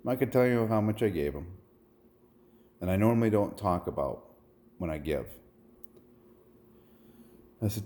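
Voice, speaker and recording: Low, dark-toned man in his forties, earnest and rambling, preaches when quoting scripture. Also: lively intonation, normal speed, long pauses. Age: 40s. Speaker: vlogger. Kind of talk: personal storytelling monologue.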